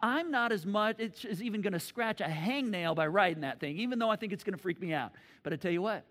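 A middle-aged man preaching a sermon as pastor of his church, animated, breaking into loud shouts and acted-out sound effects as he tells stories. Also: sits high, fast talker. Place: church hall. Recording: long hall reverb.

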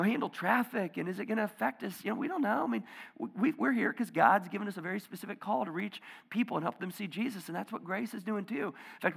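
Gravelly-voiced male pastor preaching. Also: high voice, long reverb tail. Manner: conversational, swings from hushed near-whispers to loud emphatic bursts. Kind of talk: sermon. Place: church auditorium.

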